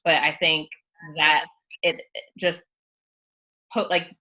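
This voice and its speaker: A woman's voice: deep voice, level tone, takes it slowly, bright, forceful tone. A woman interviewing a guest in a casual, encouraging way, chatty with many likes and fillers.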